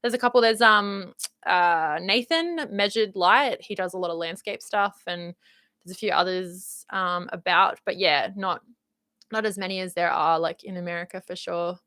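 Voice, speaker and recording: A young woman with an Australian accent and a touch of Valley Girl inflection, talking in a loose, rambling way packed with "like" and "um". Her voice is bright and a little low for a woman, recorded close and dry. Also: normal speed, dry recording. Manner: upbeat, rambling, uses many fillers like "like" and "um". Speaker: YouTube host reading live chat. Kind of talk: casual livestream chat.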